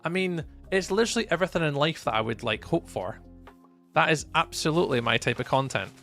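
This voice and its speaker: A Scottish livestreamer chats casually through live gameplay, greeting viewers by name. His voice is on the high side, fast, lively and sharp, with soft music in the background.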